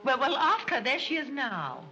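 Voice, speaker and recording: A dizzy rich society mom, high voice swooping all over, old muffled film audio w/ music. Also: female voice, big pitch swings, normal speed, bright, forceful tone, heavily acted. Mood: airheaded. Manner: giddy, rambling, airheaded chatter. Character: flighty, chattering rich society matron. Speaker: scatterbrained society mother. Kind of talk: 1930s screwball film acting.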